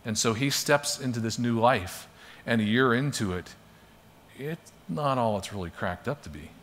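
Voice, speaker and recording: A man's voice: medium pitch, moderate pace, fairly bright tone. A man teaching a class by telling a parable in a conversational storytelling manner. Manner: conversational storyteller, acts out quotes. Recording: long hall reverb.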